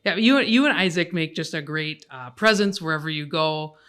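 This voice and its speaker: A podcast host chats with a guest in a bright, sharp tone. The talk is loose and joking, with laughter breaking into the stories. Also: mid-range voice, animated, normal speed, clean tone. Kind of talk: casual chat.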